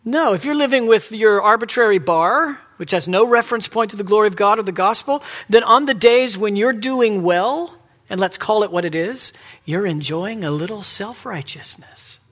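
A preacher delivering a confessional sermon, swinging between loud emphatic points and soft, near-whispered asides. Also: mid-range voice, normal speed.

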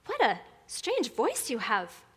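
A woman's voice: a little high, huge pitch swings, takes it slowly, husky, full character voice. A woman voicing a cheerful, innocent little girl, heard with a long hall reverb. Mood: wondering. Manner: cheerful, wide-eyed.

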